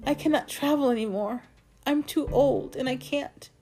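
A woman's voice: sits high, normal speed, music in the background, voice pushed up. A woman voicing her anxious elderly aunt, nearly eighty, who speaks in a worried, insistent, downcast way.

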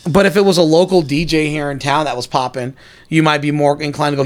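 A man speaks fast, his fairly high voice holding fairly even intonation. Co-hosting a podcast, he chats casually through long, meandering stories, cursing freely and acting out quotes.

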